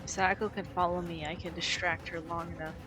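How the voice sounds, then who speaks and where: A woman streamer giving casual gameplay commentary, excitable and quick to laugh, rambling and correcting herself as she reviews. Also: fairly low pitch, over music. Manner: excitable, shrieks and laughs at game moments.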